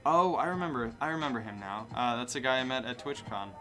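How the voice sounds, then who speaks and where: A man's voice: medium pitch, fast, bright, forceful tone. Matter-of-fact man over music. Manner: matter-of-fact, falling inflections; rambling, self-correcting. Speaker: streamer and bartender. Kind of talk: casual live-stream chat. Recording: music playing behind.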